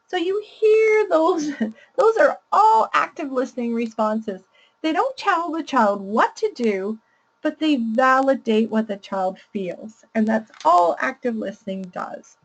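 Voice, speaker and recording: A woman teaching parents with a lively, fairly high voice that rises and falls a lot. She explains patiently and laughs easily as she goes. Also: slow, rough recording. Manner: warm, explanatory, laughs readily. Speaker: parenting educator. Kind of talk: teaching presentation.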